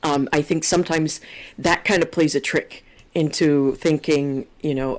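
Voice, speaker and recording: Low-pitched candid woman podcast guest. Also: steady tone, a little slow. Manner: reflective, candid, quotes her own thoughts. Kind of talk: casual podcast conversation.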